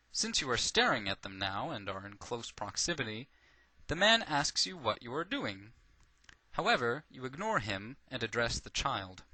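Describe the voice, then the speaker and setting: A man reading a comic short story aloud in a playful, animated way. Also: medium pitch, no room sound. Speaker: narrator.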